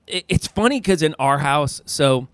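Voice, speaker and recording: Animated, laughing male podcast co-host, fairly high. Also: moderate pace, no room sound. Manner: animated storyteller who laughs often. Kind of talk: casual chat.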